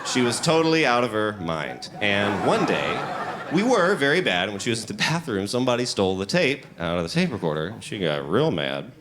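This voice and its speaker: A young man from the US South telling stand-up stories, slipping into quick put-on voices. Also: on the low side. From Royston, Georgia, US South. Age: young adult. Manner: animated storytelling, quick bursts of put-on voices. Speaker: stand-up comedian. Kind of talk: stand-up comedy set. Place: comedy club stage before a laughing audience. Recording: noisy live club with audience laughter.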